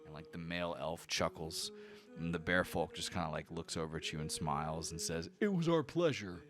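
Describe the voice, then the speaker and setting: A man with a deep, low voice narrating a tabletop game as game master, loose and casual with plenty of fillers. Soft music plays faintly underneath. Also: completely flat delivery, fairly quick.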